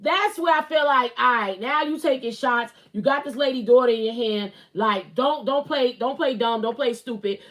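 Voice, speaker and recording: A woman's voice: a little high, moderate pace, few pauses, a bit bright. A woman hosting her own show, giving blunt, rambling gossip commentary, full of fillers and repeated phrases. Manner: blunt, rambling, opinionated, with lots of "like" and repetition. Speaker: host. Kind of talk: casual celebrity gossip commentary.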